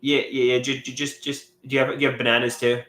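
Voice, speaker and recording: A man's voice: medium pitch, level tone, fast talker, fairly bright tone. A man rambling in a live stream monologue from home, stammering and repeating his words as he mutters to himself. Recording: echoey room.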